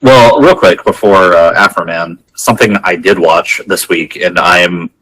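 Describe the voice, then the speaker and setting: A man's voice: low voice, unhurried, a bit bright, rough recording. A man co-hosting a podcast in casual chat, laid-back and hesitant, often restarting his sentences. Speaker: podcast co-host.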